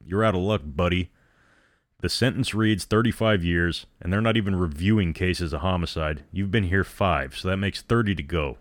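A man's voice: low voice, normal speed, no room sound, studio quality, natural voice. A man voicing a malicious male crewman who talks harshly and mockingly. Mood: sneering.

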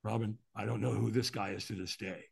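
A man being interviewed on a podcast, telling a personal story with emphatic, animated delivery and frequent rhetorical questions. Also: lowish voice, brisk, creaky, slightly rough. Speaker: podcast guest.

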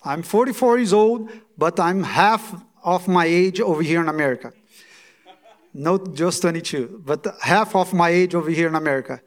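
A man's voice: fairly high pitch, normal speed. A man in his forties, a pastor, praying and preaching with emphatic repeated phrases. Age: 40s. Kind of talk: sermon with prayer.

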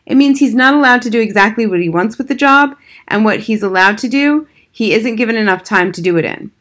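A woman voicing a stern, brisk older nanny in a storybook reading. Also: a little high, expressive, fairly bright tone, voice pushed up. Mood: explaining. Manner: brisk, scolding. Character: stern older nanny, fierce but caring.

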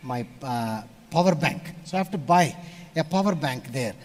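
A man from India, preaching a sermon and telling stories, switching between loud emphasis and hushed asides. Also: mid-range voice, moderate pace. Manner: storytelling, animated shifts between loud and hushed.

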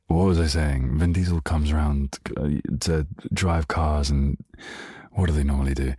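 A man's voice: extremely low pitch, steady tone, normal speed, dark tone, husky, dry recording, clean studio sound. A man hosting a casual solo podcast, playful and rambling off on tangents. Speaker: podcast host.

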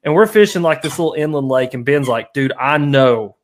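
On his laid-back fishing livestream, a man chats in a voice on the high side, speaking a little fast. He's an animated storyteller who rambles freely and laughs a lot.

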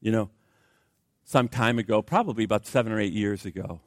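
A middle-aged man preaching a sermon as pastor, swinging between loud urgent pleas and hushed low asides, often repeating words for emphasis. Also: a little fast, no room sound, studio quality.

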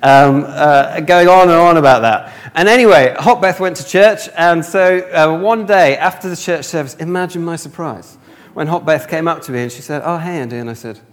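A man's voice: on the high side, moderate pace. A young man from the north of England telling a humorous, self-mocking story in a sermon, acting out the dialogue. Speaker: speaker. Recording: long hall reverb.

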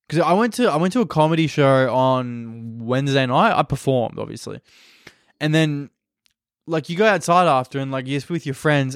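A man's voice: on the high side, no room sound, studio quality. A man with an Australian accent, a stand-up comedian rambling crudely through a casual solo podcast. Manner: crude, rambling, heavy swearing.

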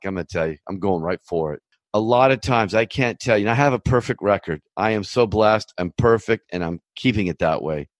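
A middle-aged man speaks as a loan officer, hammering home his warnings again and again. His voice sits at an ordinary middle pitch. The recording is dry and close, with no room sound. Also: dry recording. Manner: emphatic, repetitive warnings, storytelling asides. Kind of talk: direct-to-camera advice talk.

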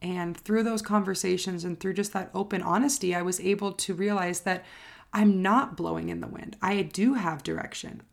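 A woman's voice: lowish voice, vocal fry. Woman coach vlogging, earnest and reflective, repeats herself for emphasis, a bit teary. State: emotional, near tears. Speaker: life coach. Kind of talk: personal vlog monologue.

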